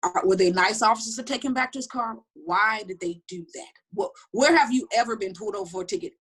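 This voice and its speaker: A middle-aged woman telling personal stories in an interview, talking quickly and animatedly with many restarts. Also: medium pitch, breathy edge. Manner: fast, animated storytelling with frequent restarts. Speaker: interview guest. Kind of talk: candid personal storytelling.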